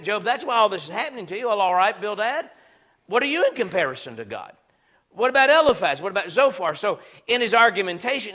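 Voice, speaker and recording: A Southern-accented man leads a Bible class, his voice bright and sharp, ranging up and down with emphatic, conversational energy. He sits high in pitch for a man and drives his points home. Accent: Southern American. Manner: conversational, emphatic, acts out sarcastic quotes. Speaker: preacher.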